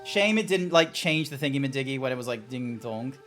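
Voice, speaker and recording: A man's voice: medium pitch, animated, fairly quick, a bit bright. A man streaming live, chatting casually in a rambling, joking way and trailing off mid-sentence. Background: faint background music.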